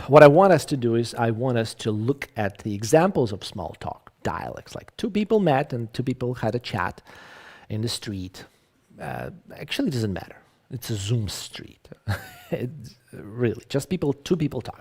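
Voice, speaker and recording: A man lectures on an online video call at a middle pitch. He talks in a loose, conversational way, full of "like" and "uh". He often restarts his sentences. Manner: lively, conversational, frequent fillers and restarts. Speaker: English lecturer.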